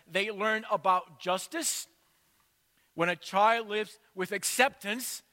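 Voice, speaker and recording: A male pastor delivering a sermon in slow, measured storytelling, in a church. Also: high-pitched, sharp tone, in a large hall.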